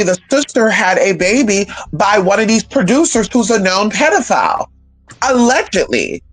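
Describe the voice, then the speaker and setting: A woman's voice: mid-range voice, low-quality recording. A woman hosting a casual livestream, talking bluntly with profanity and emphatic repetition. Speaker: livestream host.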